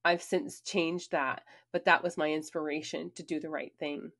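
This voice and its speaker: A woman narrates her own memoir in a somewhat low voice, earnest and emphatic. She tells it like a personal story, slipping in casual conversational asides. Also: flat delivery, normal speed, fairly bright tone.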